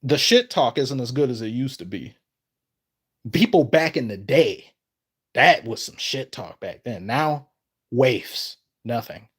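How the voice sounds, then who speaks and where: A man's voice: slow pace, breathy edge. Rambling man chatting on a live stream. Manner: rambling, trails off and restarts sentences; lively, pitch jumps up when excited. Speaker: streamer answering chat. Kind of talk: casual live-stream chat.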